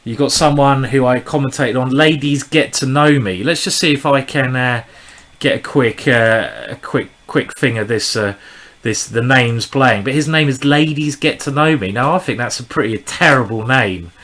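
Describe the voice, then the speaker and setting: A man's voice: medium pitch, normal speed, a bit bright. A man giving chatty, rambling live commentary on his own online chess game, often joking at his own expense. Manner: chatty, rambling, self-deprecating. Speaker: chess streamer.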